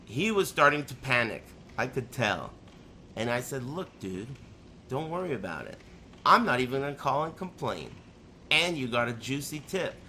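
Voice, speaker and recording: A man tells a story in a loose, profane rant, jumping from loud outbursts to low muttered asides. His voice sits high and swings widely in pitch. The tone is sharp and very bright. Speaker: storyteller on a live stream.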